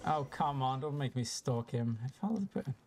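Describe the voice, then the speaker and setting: Animated, joking woman streamer. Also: a bass voice, fairly quick. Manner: joking, swears, laughs often. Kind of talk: casual game commentary.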